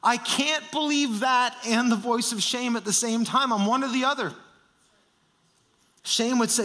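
A male preacher delivering an impassioned sermon in a high, bright voice. He swings from loud, fervent declarations to hushed, intense passages. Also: normal speed.

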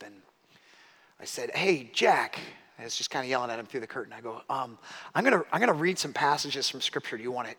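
Preacher man with bright voice in reverberant hall. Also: mid-range voice. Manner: storytelling, swings from hushed asides to loud emphatic peaks. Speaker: pastor. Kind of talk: sermon.

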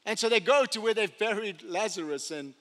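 A man preaching a sermon as pastor, telling the story with animated energy and humorous asides. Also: high voice, a little fast. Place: church sanctuary. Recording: long church hall reverb.

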